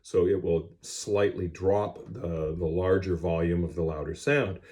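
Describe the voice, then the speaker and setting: A middle-aged band teacher leads a music class, captured on a cell phone. His voice is low, steady and darkish, his pace unhurried. He speaks plainly, directly and instructively to the students.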